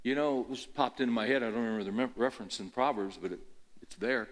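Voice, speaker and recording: A man's voice: lowish voice, animated, fairly quick. An older man preaching a conversational sermon, telling rambling folksy stories and building to emphatic, repeated questions. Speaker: pastor.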